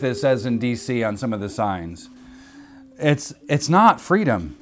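A man's voice: medium pitch, sing-song, measured pace, a little hiss or hum. A man preaching a sermon, earnest and emphatic, repeating key phrases for weight.

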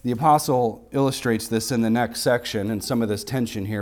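A man, a pastor, preaching an expository sermon with emphatic rises and quiet asides. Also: mid-range voice, fairly quick. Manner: emphatic, rising to sharp exclamations and dropping to quiet asides. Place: church sanctuary.

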